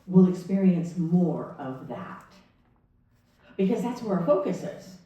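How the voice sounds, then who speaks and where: A woman's voice: fairly low pitch, sing-song, a little slow, warm tone, highs cut off. A woman minister giving a sermon, telling a personal story in a conversational way and acting out the dialogue. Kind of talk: sermon talk. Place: church sanctuary. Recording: echoey room from a distance.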